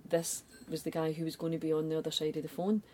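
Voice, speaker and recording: A woman's voice: low voice, quick pace. A middle-aged Scottish woman, a design agency founder, chatting as an interview guest and acting out quoted voices with swearing and laughs. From Scotland. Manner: animated storyteller, acts out quoted voices, swears, laughs often. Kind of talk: casual interview chat.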